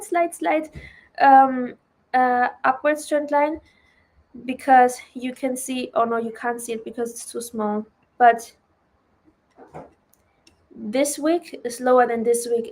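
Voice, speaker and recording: A woman's voice: on the high side, darkish tone. A woman with a German accent, a non-native speaker of English, chatting loosely as she teaches trading on a live stream, with many fillers and "right?" tags.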